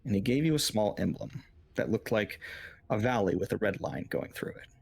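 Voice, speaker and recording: A man's voice: on the low side, animated, moderate pace, vocal fry, slight background noise. A man narrating as game master in a tabletop game, loose and full of fillers.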